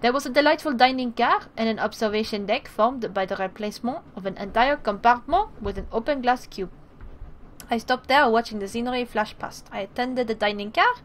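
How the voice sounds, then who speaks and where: A woman's voice: a little high, fairly quick. A woman streamer reading the story text of a game aloud, with chatty asides in between. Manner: reads narration, then breaks off into excited asides. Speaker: let's play streamer.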